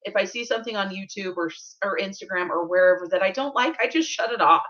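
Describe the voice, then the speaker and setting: A woman co-hosting a casual live-stream chat, talking quickly and bluntly and often asking "you know what I mean?". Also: mid-range voice, fairly bright tone, muffled recording. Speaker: co-host of budgeting channel.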